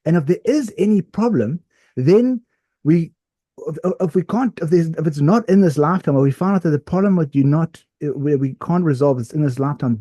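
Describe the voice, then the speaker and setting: A man co-hosting a casual podcast, telling a long story in an animated, rambling way full of "like"s and restarts. His voice sits slightly high for a man and has a mellow, dark tone. The recording is dry and close, with no room sound. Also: brisk, no echo. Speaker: podcast co-host.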